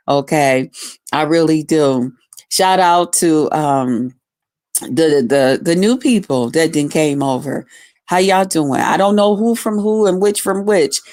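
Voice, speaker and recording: A loud, rowdy woman livestreamer curses her way through casual live chat with her viewers, her voice sitting low and moving slowly. She tells profane, rowdy stories packed with swearing and speaks directly to her chat, greeting people by name.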